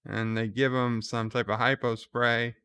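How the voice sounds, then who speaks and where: A man's voice: mid-range voice, level tone, unhurried, pushed and bright, smooth. A man hosting a live reaction commentary, casually retelling scenes with fillers and restarts. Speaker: channel host recapping an episode.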